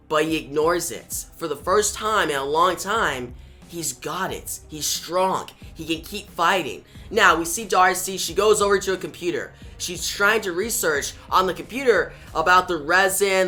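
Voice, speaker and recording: A man casually retelling a comic story, excitable and eager. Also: sits high. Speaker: comic reviewer.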